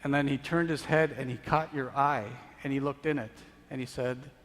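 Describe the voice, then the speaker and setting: A man preaching a sermon as pastor, slow and deliberate, rising to emphatic peaks and sinking to hushed tones. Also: mid-range voice, steady tone. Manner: slow, building to emphatic then dropping to hushed. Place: church sanctuary. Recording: long church reverb.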